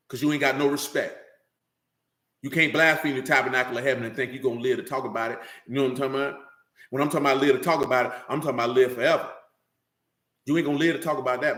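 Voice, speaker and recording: A man's voice: medium pitch, a bit bright, roomy sound. A man preaching a fiery, confrontational sermon in heavy street slang.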